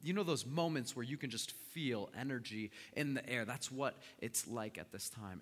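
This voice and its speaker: A male pastor delivers a sermon in a bright, forceful voice, telling the story dramatically as he swings from loud passages to hushed ones. His words ring through a church sanctuary with a long, echoing reverb. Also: lowish voice.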